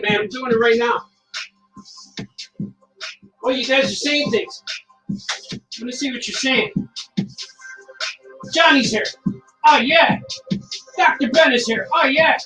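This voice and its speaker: A man's voice: very high-pitched, sharp tone, rough recording. A man, a cartoonist, chatting casually on a live stream while he draws, repeating himself as he works.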